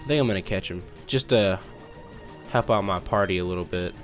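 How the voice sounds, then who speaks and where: A man's voice: low-pitched, brisk, soft background music. A young man in his twenties telling a rambling childhood story while commenting on a game he plays, often losing his track mid-sentence. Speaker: let's play host. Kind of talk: casual gameplay commentary with storytelling.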